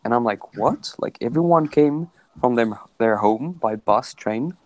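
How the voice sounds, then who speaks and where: A man's voice: medium pitch, lively intonation, measured pace, a little mellow, rough recording. A man chatting casually on a video call, telling a long story with many restarts. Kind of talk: casual chat.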